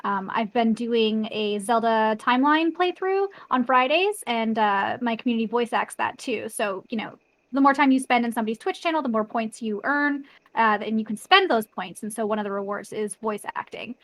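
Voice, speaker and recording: Guest streamer, woman, higher voice, dry close sound, chatty and self-mocking. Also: normal speed, no room sound. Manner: chatty, filler-heavy, self-deprecating. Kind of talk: casual chat.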